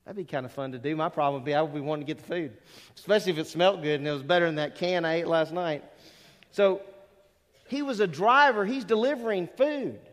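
High-voiced pastor in a reverberant church. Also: male voice, fast talker. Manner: conversational preaching, rhetorical questions and asides. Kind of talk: sermon. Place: church sanctuary. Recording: long reverb of a church hall.

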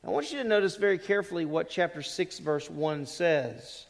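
A middle-aged man preaches in a church, his slightly high voice ringing out with a long hall echo. His tone is conversational, and he keeps asking the congregation questions as he works through the text. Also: normal speed, creaky. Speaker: pastor. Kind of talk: expository sermon. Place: church sanctuary.

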